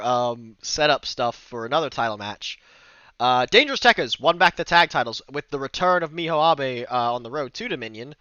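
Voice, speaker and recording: An Australian man hosts a casual podcast, laughing often and swearing freely as he jokes. His voice is bright and bouncy, sitting a little high. The audio is dry and slightly dull, like a lo-fi recording. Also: animated, moderate pace, smooth, no room sound. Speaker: podcast host.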